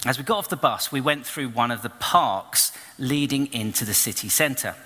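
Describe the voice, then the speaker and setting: Male preacher, bright forceful voice, animated storyteller, reverberant church hall. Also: mid-range voice, normal speed. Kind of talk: storytelling sermon.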